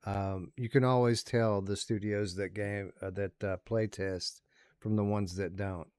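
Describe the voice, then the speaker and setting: A man's voice: lowish voice, fairly even intonation, a little mellow, clear, resonant tone, no room sound. A man co-hosting a podcast, chatting casually through a game review and stopping to restart his sentences. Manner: halting, with many fillers and restarts. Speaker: podcast co-host.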